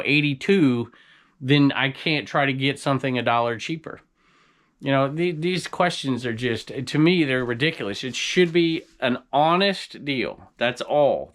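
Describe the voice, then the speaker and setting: A man's voice: medium pitch, a bit bright. A man reselling secondhand goods, talking casually to camera in an opinionated, rambling way. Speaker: reseller vlogger.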